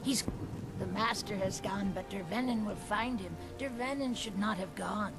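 A woman's voice: medium pitch, normal speed, creaky, music in the background, close to an everyday voice. A woman playing a muddled riddle-talking woman. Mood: rambling. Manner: rambling, confused. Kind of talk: game dialogue.

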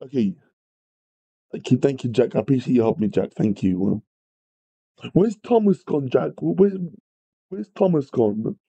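A man's voice: mid-range voice, expressive, measured pace, vocal fry, long pauses, mellow, breathy edge, highs cut off. A man teaching a live maths revision lesson, greeting viewers and apologising often as he works through problems. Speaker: maths tutor.

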